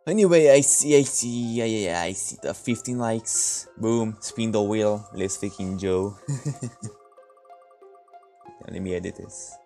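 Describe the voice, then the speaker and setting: A man streaming a shooter game with viewers, reacting excitedly and swearing, his voice jumping high when shocked. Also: moderate pace, few pauses, soft background music. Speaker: gaming streamer. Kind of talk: casual live game commentary.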